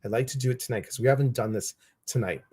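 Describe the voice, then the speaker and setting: A man hosting a wellness livestream in casual chat, speaking warmly to his viewers and acting out past conversations. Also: medium pitch, quick pace, slightly rough, no echo, poor audio. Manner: effusive and heartfelt, retelling conversations with quoted voices; talks straight to viewers, greeting them by name.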